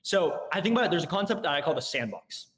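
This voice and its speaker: A young man, a guest on a casual podcast, explains sales tactics in a lively way and acts out both sides of a call. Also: on the high side. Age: young adult. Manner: rapid, animated explaining, acting out both sides of calls.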